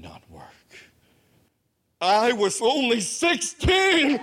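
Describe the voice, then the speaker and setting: A man telling a personal story with drama, dropping to hushed asides and rising to shouts, laughing through lines. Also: very high-pitched, expressive, slow.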